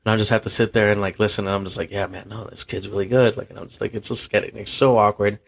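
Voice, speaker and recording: A man's voice: fairly low pitch, fairly even intonation, fast talker, gravelly, slightly rough. A young man, a bartender and podcast host, telling a rambling story in casual, profane chat and laughing at himself.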